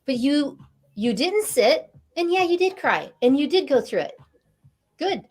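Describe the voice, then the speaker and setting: A woman's voice: high-pitched, big pitch swings, a little slow. A woman hosting an interview show, upbeat and encouraging, welcoming viewers by name. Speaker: talk show host.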